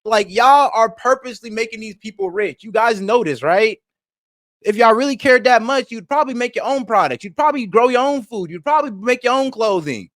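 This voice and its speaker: A high-voiced man with a pitch that leaps all over the place, talking back at a video in brash, mocking bursts. He swears freely and laughs at his own jabs. The sound is dry and close. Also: animated, fairly quick, a bit bright, dry recording. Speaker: reaction streamer. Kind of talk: casual reaction commentary.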